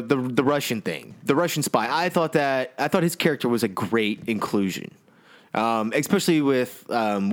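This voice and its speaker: Stammering, easygoing male podcast co-host. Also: medium pitch. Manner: stammering restarts, relaxed and swearing. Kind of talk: casual film podcast chat.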